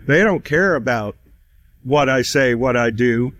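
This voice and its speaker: In a casual spoken testimony, a man in his fifties tells a personal story in a chatty way, packing in "you know" fillers and laughing between phrases. His mid-range voice is expressive, unhurried and a bit bright, with no room sound.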